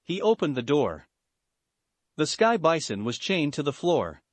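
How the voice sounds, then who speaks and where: Male storyteller, steady delivery, dry booth sound. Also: on the high side, unhurried, no echo. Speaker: fan fiction narrator. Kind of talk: scripted narration.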